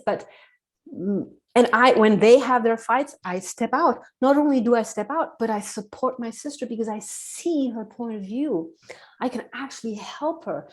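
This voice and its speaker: A woman telling a personal story as a podcast guest, earnest, acting out dialogue in a hushed voice. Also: a little high.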